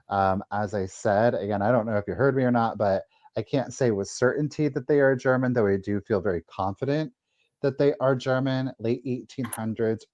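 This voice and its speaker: A man's voice: on the low side, darkish tone, no echo. A man hosting a live sale, carefully describing each item in detail. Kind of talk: livestream sales pitch. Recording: dull, dry lo-fi sound.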